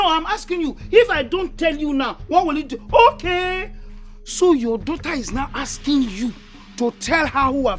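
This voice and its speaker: A woman's voice: high voice, fairly bright tone. An actress with a Nigerian accent playing a defiant, mocking woman who taunts and provokes. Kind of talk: Nollywood film acting. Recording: film dialogue with faint music.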